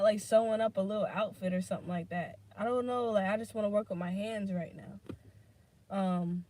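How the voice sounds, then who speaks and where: Woman just rambling on her own podcast, swears a lot, jumps topic to topic, middle pitch. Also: darkish tone, no room sound. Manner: rambling, unfiltered, swears freely; drifts between topics, many fillers. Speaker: podcast host. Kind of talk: casual solo podcast monologue.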